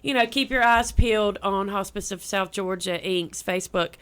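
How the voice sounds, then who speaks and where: A young woman, chatting as a guest on a radio show about an event she is organizing, bubbly and quick to repeat herself. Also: mid-range voice, fairly bright tone, smooth. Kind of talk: casual radio interview.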